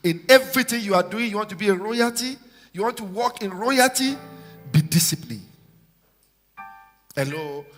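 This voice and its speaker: A man's voice: sits high, expressive, normal speed, pauses often, a bit bright, faint music behind. A man preaching a sermon, exhorting his congregation and calling on them to repeat phrases after him. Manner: exhorting, call-and-response with congregation. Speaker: pastor. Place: large church hall. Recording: live church hall with long reverb.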